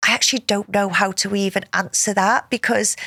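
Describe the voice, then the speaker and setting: A woman hosting a podcast interview, effusive and chatty, laughing often and thinking out loud. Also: medium pitch, fairly even intonation, a little fast, no echo, studio quality. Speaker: podcast host. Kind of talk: casual interview chat.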